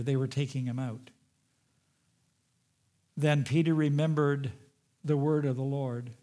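Dramatic storytelling male preacher. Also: a little high. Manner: dramatic storytelling, rising loud and dropping hushed. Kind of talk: sermon.

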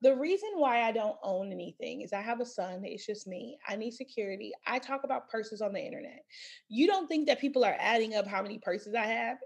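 A woman in her thirties chatting casually, telling stories in an animated way and laughing through her words. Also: on the high side, fairly quick, vocal fry, husky. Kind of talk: casual chat.

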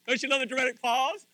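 A man's voice: very high voice, pushed and bright, no room sound. A man preaching a sermon to his congregation in a playful way, speaking to people directly by name. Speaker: pastor. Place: church before a congregation.

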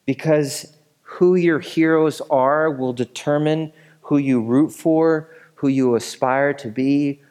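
A man's voice: on the high side, darkish tone. Casual, conversational male pastor. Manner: casual, conversational teaching with fillers and asides. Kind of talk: sermon.

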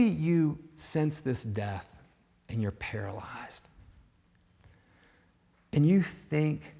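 A man preaching a sermon as pastor, swinging from loud, emphatic lines down to hushed whispers. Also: fairly high pitch, animated, very slow, vocal fry, long pauses. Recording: long reverb of a large hall.

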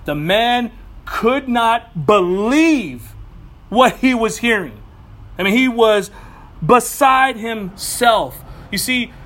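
A man preaching a sermon in a lively, conversational way, full of humor and asides. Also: very high voice, a little hiss or hum. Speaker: pastor.

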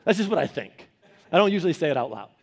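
This middle-aged man, a pastor leading a Bible study, has a fairly high, creaky voice and talks quickly. His sermon is conversational, full of family stories in which he animatedly acts out the quoted voices.

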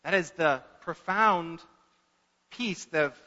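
A pastor preaching a sermon in an earnest manner, repeating words for emphasis. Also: male voice, on the high side, slow, pushed and bright. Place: church sanctuary. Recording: echoey church hall, dull lo-fi.

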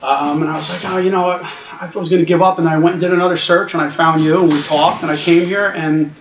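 Quick-talking guy in his 40s, frank and blunt, roomy echo and muffled lo-fi sound. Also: on the high side, steady tone. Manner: fast, frank, repeats himself when starting. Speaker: guest, union iron worker. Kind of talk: casual interview chat. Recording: echoey and lo-fi with clear noise.

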